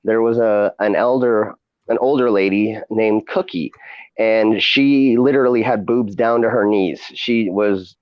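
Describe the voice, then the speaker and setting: Low-voiced guy rambling and laughing in a chill chat, kinda dull dry sound. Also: a little slow, dry recording. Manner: rambling, laughs often, many fillers. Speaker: podcast host and streamer. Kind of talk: casual chat.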